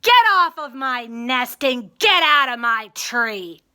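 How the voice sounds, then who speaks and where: Selfish lazy mother bird, storybook, loud and demanding, put on by a woman reader. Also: sits high, expressive, slow, clear, resonant tone, full character voice. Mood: indignant.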